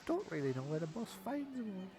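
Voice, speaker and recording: A man with a northeast English accent narrating a tabletop game as game master, chatty and quick to laugh. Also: high-pitched, slightly rough. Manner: lively, chatty, laughs often.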